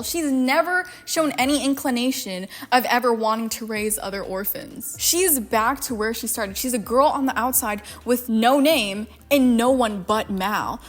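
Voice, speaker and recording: A young woman giving a sarcastic, exasperated, profane rant about a book. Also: a little high. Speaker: book commentary vlogger. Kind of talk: ranting book commentary.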